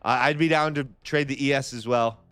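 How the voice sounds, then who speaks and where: A man's voice: mid-range voice, fairly even intonation, brisk, fairly bright tone, smooth, no room sound, soft background music. A man hosting a live trading stream in a loose, chatty way, repeating phrases and restarting his sentences. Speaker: livestream trading host. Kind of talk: casual live-stream chat.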